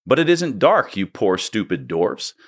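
A man reading aloud and voicing an earnest young girl who pleads in a high voice. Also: sing-song, a little slow. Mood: pleading. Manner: urgent, high-pitched pleading.

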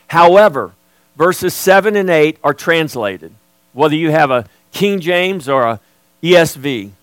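Male pastor, emphatic sermon delivery, somewhat high-pitched, dry recording. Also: a bit bright, smooth, no room sound. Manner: earnest, emphatic preaching. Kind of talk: expository sermon.

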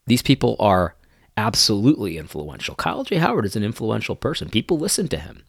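A man's voice: lowish voice, very animated, fast, vocal fry, slightly rough, no echo, clean studio sound. A man commenting on video clips in an incredulous, mocking tone, often restarting his sentences.

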